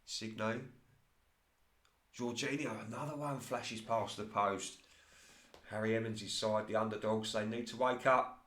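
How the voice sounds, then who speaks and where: A man commentating casually over his own football management game in play-by-play style, getting excited at near misses and laughing at his own slips. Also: fairly low pitch, a little slow, pauses often, reverberant.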